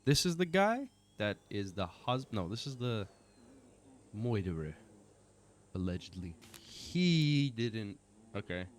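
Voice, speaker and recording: A man's voice: fairly low pitch, sing-song, slow, slight background noise. A man casually commenting on a game, reading its text aloud and dropping profane, offhand asides. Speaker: gamer playing an interrogation game.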